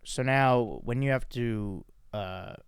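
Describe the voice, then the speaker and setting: A man's voice: medium pitch, slow pace, clean tone, dry recording. A man hosting a podcast, chatting casually and rambling with many fillers into a close mic. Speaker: podcast host. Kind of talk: casual comedic chat.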